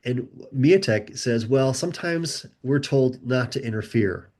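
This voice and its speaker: A man's voice: mid-range voice, unhurried. Male podcast guest. Conversational storyteller who acts out quoted dialogue. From United States. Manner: animated, acts out quoted voices. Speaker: guest author.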